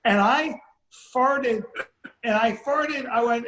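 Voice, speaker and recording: High-voiced man in an echoey room. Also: unhurried, a bit bright, slight background noise. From grew up abroad, moved to America as a teen. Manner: laid-back storyteller, swears freely. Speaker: podcast co-host. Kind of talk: casual podcast chat.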